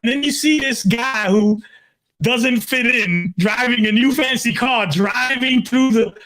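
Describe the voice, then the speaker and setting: A man in his sixties from Brooklyn, a pastor telling his life story in an interview, emphatic and animated, leaning on "literally" and acting out his own quotes. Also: extremely high pitch, measured pace. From Brooklyn, New York. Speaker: pastor, guest.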